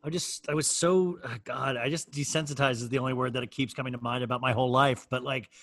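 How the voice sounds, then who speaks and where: A man's voice: mid-range voice, steady tone, quick pace, fairly bright tone, dry recording. A man co-hosting a podcast, telling rambling stories full of fillers in casual chat. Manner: rambling, filler-heavy storytelling. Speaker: podcast co-host. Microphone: studio microphone.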